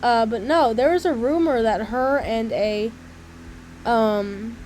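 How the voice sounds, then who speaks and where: A woman's voice: fairly high pitch, slow, darkish tone, a little hiss or hum, low-quality recording. A young woman casually telling personal stories, chatty, swearing freely and filling her talk with "like". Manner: chatty, swears freely, heavy use of "like", laughs between lines. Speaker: storyteller. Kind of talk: casual storytelling monologue.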